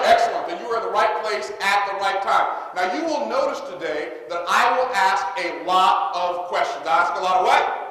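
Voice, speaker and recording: Energetic guy hyping up a seminar crowd, high voice, big echoey hall. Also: brisk. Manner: energetic, rallies the audience to repeat lines. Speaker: seminar speaker. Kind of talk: motivational seminar talk with call-and-response. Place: large conference hall. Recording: echoey hall, faint room noise.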